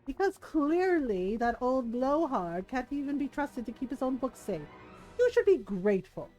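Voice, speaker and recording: A condescending, sharp-tongued schemer, read aloud by a woman from a video game. Her voice sits high and sneers through every line. Soft game music plays faintly behind her. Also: very animated, normal speed, rough recording. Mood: smug.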